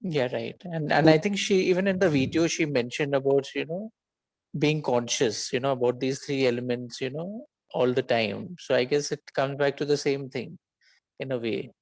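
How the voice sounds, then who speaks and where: A man of middle pitch talks in a loose, casual way, hesitant and full of fillers. He checks his understanding as he goes. The recording is dry and close, with no room sound. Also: moderate pace, no room sound, poor audio. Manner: hesitant, many fillers like "you know". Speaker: conversation partner asking questions. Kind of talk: casual discussion.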